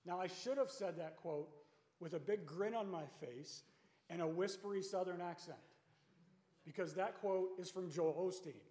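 A man's voice: high voice, normal speed, dark tone. A man preaching a sermon to his congregation in a conversational way, asking rhetorical questions. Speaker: pastor. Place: church sanctuary. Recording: echoey church sanctuary with long reverb.

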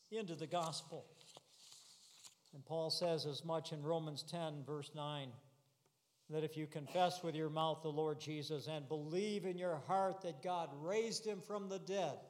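A man preaching a sermon, earnest and building to emphatic, repeated declarations. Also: a little high. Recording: long reverb of a hall.

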